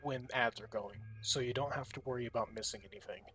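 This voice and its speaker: A man casually commenting as he streams a card game, thinking aloud and sometimes dropping to soft near-whispers. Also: mid-range voice, fast talker, a little hiss or hum.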